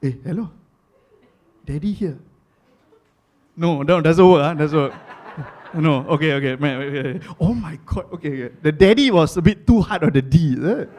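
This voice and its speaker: A man's voice: fairly high pitch, a little fast, a little mellow. A man in his thirties with a Singaporean English accent, doing chatty stand-up comedy, with many fillers and repeated phrases. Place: comedy stage before a live audience.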